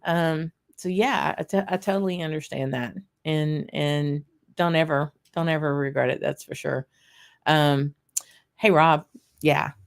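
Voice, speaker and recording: Low-voiced woman hosting a whisky stream. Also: steady tone, a little slow, gravelly. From Louisiana, USA. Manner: chatty and rambling, laughs often, greets viewers. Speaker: host of a whisky livestream. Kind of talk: casual live tasting chat.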